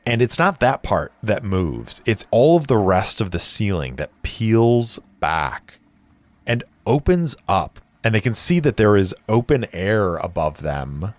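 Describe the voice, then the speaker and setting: A man narrating and playing a solo tabletop role-playing game in a deliberate, descriptive way. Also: low-pitched, no echo. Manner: deliberate, descriptive, with dice-roll asides. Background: faint music.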